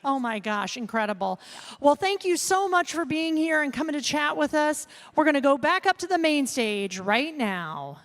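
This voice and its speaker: A woman's voice: high voice, lively intonation, moderate pace. A woman who is a benefit auctioneer, hosting an upbeat casual interview at a convention. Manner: upbeat, enthusiastic.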